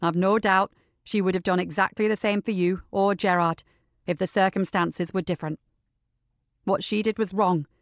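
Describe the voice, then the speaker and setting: A calm female detective, as a woman narrator reads her speaks in a level, firm and reassuring voice. The reading is close and dry. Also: medium pitch, normal speed, no echo, close to an everyday voice.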